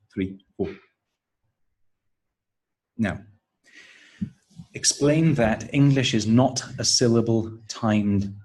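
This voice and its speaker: A man giving a pronunciation lesson for teachers, modelling intonation patterns and counting syllables out slowly and deliberately. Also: on the low side, a little mellow, husky, poor audio. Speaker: teacher trainer.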